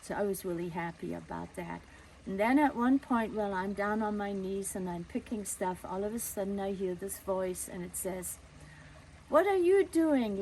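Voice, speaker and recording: A woman telling a story from her childhood in a gentle, conversational way, with small fillers and restarts. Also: mid-range voice, a little hiss or hum, poor audio.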